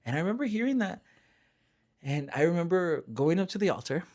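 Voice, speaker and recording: A man's voice: high voice, big pitch swings, fairly quick, darkish tone. A man co-hosting a casual chat, telling a personal faith story earnestly and dropping to a near-whisper when he quotes. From Spanish-speaking family background. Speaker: podcast co-host.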